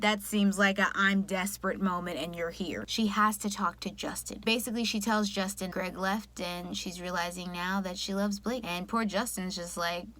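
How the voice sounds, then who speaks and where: Sassy woman with a bright voice. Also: mid-range voice. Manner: sassy, slangy, opinionated. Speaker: reality TV recap vlogger. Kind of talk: casual commentary.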